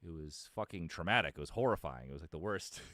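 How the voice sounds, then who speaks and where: A man with a very low voice talks fast in a rambling, restart-heavy way, full of fillers. He is a musician guest in a casual interview chat. The sound is dry and close. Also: lively intonation, sharp tone, no echo.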